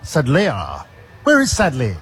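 A man's voice: medium pitch, wildly swooping pitch, takes it slowly, a bit bright, breathy edge. A man with an Australian accent hosting live radio from a pub, teasing callers and guests playfully. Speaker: radio host.

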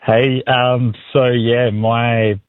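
A man calling in to a radio show, telling a story in a steady, matter-of-fact way. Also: medium pitch, extremely slow, no echo. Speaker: caller. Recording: tinny phone line.

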